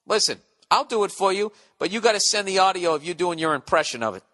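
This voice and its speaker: A middle-aged man hosts a solo podcast and rambles through profane, sarcastic rants. His voice runs fairly high and comes across bright and forceful. He reads listener mail aloud and pokes fun at himself as he goes. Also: lively intonation, fast. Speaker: podcast host.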